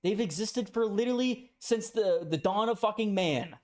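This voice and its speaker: A man's voice: high voice, moderate pace, darkish tone. A young man in a heated, profane casual rant as a streamer. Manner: profane, ranting, emphatic.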